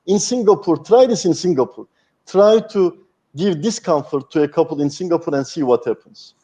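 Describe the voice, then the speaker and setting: A man's voice: a little high, lively intonation, a little fast, warm tone. A man, a guest speaker talking candidly and passionately, swearing freely. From Turkey. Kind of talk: candid interview talk.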